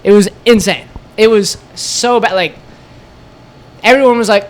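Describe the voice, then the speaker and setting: A man sits as a podcast guest and tells a long, animated story. His voice sits a little high for a man, and he keeps slipping into the voices of the people in it, stringing everything together with "like.". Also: measured pace, pauses often. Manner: animated, acts out quoted voices, lots of "like". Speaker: podcast guest, store co-owner. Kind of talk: casual storytelling.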